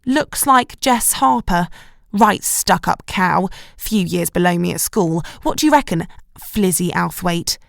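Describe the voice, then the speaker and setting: A woman reading an audiobook, voicing a catty, gossiping woman commenter with a sneering, drawn-out delivery. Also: fairly low pitch, expressive, creaky, no echo, clean studio sound.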